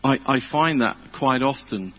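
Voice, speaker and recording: A man's voice: medium pitch, lively intonation, measured pace, fairly bright tone. A middle-aged man, giving an informal, chatty sermon full of personal stories, earnest and self-deprecating. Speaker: preacher. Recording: long hall reverb.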